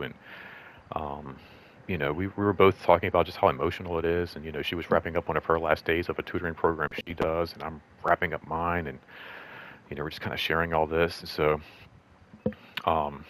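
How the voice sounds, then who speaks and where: A middle-aged man telling a personal story in a casual, rambling way, full of fillers, sometimes acting out what others said. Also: a bit bright. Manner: acts out quoted voices in higher pitch. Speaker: host.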